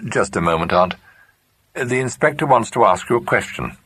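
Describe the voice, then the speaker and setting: A man's voice: medium pitch, animated, moderate pace, pushed and bright, breathy edge, voice pushed up, exaggerated voice. A man voicing an eager, helpful young man speaking to his great-aunt. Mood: earnest. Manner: eager, accommodating. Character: young adult man, good-natured and helpful great-nephew.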